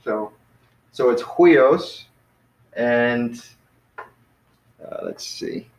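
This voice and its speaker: A man teaching a casual online beginner class, relaxed and friendly, often saying "man" and "you know.". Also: mid-range voice, a little slow, reverberant, poor audio.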